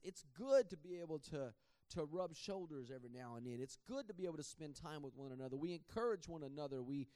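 High-voiced preacher, chatty and dry. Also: male voice, dark tone, dry recording. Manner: conversational, repeats words, laughs at himself. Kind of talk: sermon.

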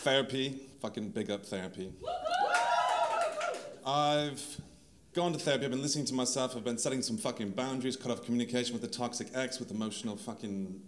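A man speaking at an open mic, sweary and animated, swinging between quiet and shouting. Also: mid-range voice, a little fast, roomy sound. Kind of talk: impassioned open mic talk. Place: event venue with crowd. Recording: crowd noise in a live venue.

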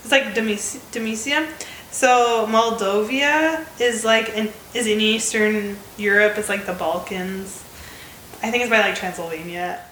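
A woman's voice: mid-range voice, a little slow, fairly bright tone, roomy sound, a little hiss or hum, poor audio. A woman in her twenties with an American accent, co-hosting a casual podcast chat, talking loosely with lots of filler words. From United States. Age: 20s. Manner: chatty, many fillers. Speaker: podcast co-host.

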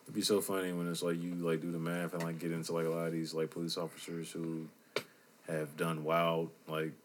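A man's voice: sits low, monotone, fairly quick, a little hiss or hum. A young man co-hosting a podcast in loose, rambling casual chat, full of "like" and slang. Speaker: podcast co-host.

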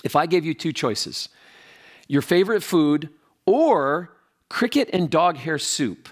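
A man preaching a sermon in a conversational way, with fillers and quick asides. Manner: conversational preaching with lively pitch and filler words. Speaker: pastor.

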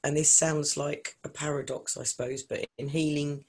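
Expressive middle-aged Englishwoman. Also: deep voice, moderate pace, slightly rough. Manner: animated, expressive, acts out other people's lines in quotes. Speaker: singer and vocal coach, guest. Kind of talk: emotional conversational storytelling.

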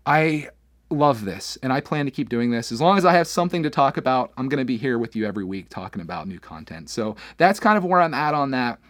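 A man's voice: mid-range voice, very animated, quick pace, few pauses, no room sound, studio quality. A man hosting his own podcast, talking through his week in a candid, rambling way with frequent restarts. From Pennsylvania, USA. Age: adult, father of a young son. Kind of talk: casual personal podcast monologue.

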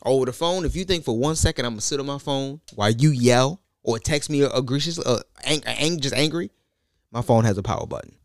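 A man with children, in casual chat, blunt and profane, telling stories with lively delivery. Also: medium pitch, a little fast, no echo, clean studio sound. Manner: blunt, profane, animated, laughs at his own jokes.

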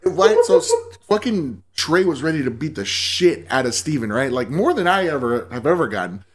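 A young man co-hosting a podcast, telling a story in an animated, profane way and laughing often. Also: fairly high pitch, normal speed, background noise. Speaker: podcast co-host. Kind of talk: casual storytelling chat.

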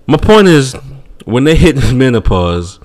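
A man co-hosting a podcast, telling a comedic story in casual chat and acting out other people's voices. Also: measured pace. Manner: animated, acts out voices in shrieking high tones. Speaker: podcast co-host.

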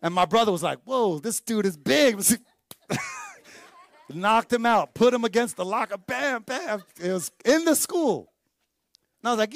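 A man preaching a sermon as pastor, telling stories with lively acted-out voices and dropping to a hushed tone for emphasis. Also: extremely high pitch, a little slow, long pauses, no room sound. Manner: animated storytelling preacher, acts out voices in anecdotes.

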